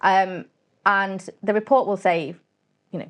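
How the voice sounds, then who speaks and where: A woman with a medium-pitched, steady voice speaks a little slowly. She is the CEO of a cybersecurity company, appearing as a guest in a casual, straight-talking interview and describing her work while acting out small snippets of dialogue.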